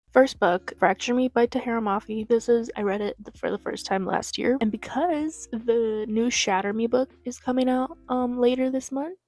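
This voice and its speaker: A woman's voice: on the high side, steady tone, normal speed, darkish tone. A young woman vlogging casually at home about books, chatty, swearing freely and easily distracted. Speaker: book vlogger. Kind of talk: casual chat.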